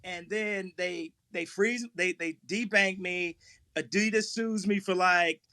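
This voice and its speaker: A man's voice: high voice, takes it slowly, pushed and bright, smooth, no echo, clean studio sound. A man talking as an interview guest in a live audio chat room, rambling and emphatic, often repeating himself.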